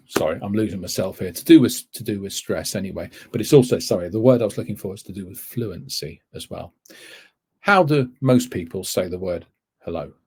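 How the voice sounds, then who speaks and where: A man's voice: low-pitched, animated, normal speed, a little mellow, breathy edge. A man giving a teaching webinar, rambling and correcting himself often as he explains. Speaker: TEFL course tutor. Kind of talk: webinar lecture.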